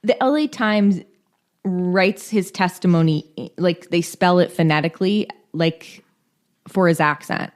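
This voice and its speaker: Speaking unhurriedly in a fairly low voice, a woman co-hosts a podcast and reads through case notes. Her true-crime storytelling is casual, with irreverent, joking, and profane remarks thrown in.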